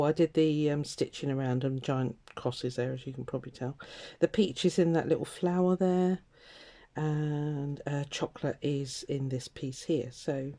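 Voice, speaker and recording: Low, mellow-voiced woman chatting while crafting. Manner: chatty, self-talking, laughing asides. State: rough morning voice. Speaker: craft channel host. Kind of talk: casual crafting chat.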